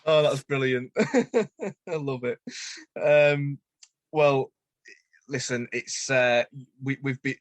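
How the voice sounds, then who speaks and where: A man's voice: medium pitch, slow pace, long pauses, dry recording. A man from England, hosting an interview. He stammers often and thanks his guest effusively. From northern England. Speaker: podcast host. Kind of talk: casual interview chat.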